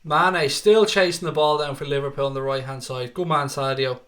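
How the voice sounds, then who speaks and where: A man's voice: fairly high pitch, fairly even intonation, moderate pace, fairly bright tone. Irish man hosting a football watchalong. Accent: Irish, Dublin. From Ireland. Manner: chatty, swears freely, reads viewer comments aloud. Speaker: livestream host. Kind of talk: live match watchalong commentary and chat.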